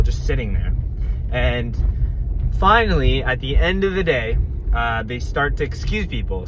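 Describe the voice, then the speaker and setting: Young man, casual storytelling vlog, animated delivery, mid-pitched voice, faint background hum. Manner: animated, quick asides, acts out quotes. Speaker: vlogger.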